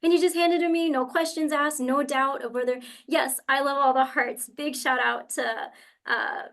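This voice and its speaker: A young adult woman on a webinar panel, sharing a heartfelt personal story in an animated way with lots of filler words. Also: sits high, normal speed. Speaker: webinar panelist from a university career center.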